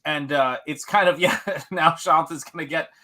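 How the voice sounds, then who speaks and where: A man hosting a casual late-night livestream, animated and quick to laugh, talking in fast bursts. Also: on the high side. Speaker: host.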